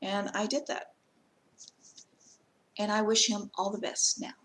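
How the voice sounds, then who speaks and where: A woman vlogging in a casual talk to camera, plainspoken and earnest, giving direct advice with frequent pauses. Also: medium pitch, flat delivery, a bit bright, rough recording.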